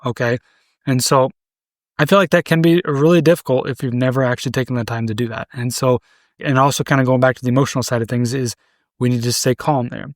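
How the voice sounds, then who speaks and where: A man's voice: mid-range voice, steady tone, fast, no room sound, clean studio sound. A man in his thirties hosting a podcast alone, talking in a loose, conversational way, often checking in with "right?" and restarting phrases. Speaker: podcast host. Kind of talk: solo podcast monologue.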